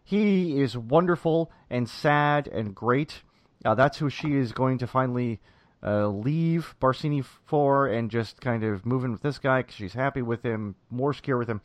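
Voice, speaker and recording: A man's voice: mid-range voice, no echo. Man chatting on a podcast, dry sound. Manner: agreeable, frequent affirmations, halting. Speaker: podcast co-host. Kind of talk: casual chat.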